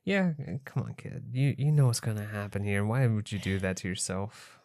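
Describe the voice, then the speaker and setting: Male podcast co-host, low and smooth, casual and profane, dry close-mic sound. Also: expressive, fairly quick, a little mellow, dry recording. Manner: laid-back, swears freely, exasperated asides. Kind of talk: casual chat recapping a movie.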